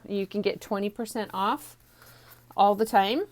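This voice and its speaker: A woman's voice: medium pitch, steady tone, measured pace. A woman teaching a stamping card class from home, chatty and rambling with many ums, a little out of breath, recorded on a phone on a small tripod. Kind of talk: casual craft tutorial.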